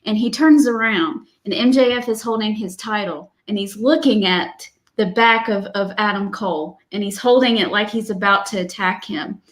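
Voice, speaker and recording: A woman co-hosting a wrestling podcast, recapping a match in animated, chatty storytelling. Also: medium pitch, moderate pace, few pauses. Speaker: podcast co-host. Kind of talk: casual chat.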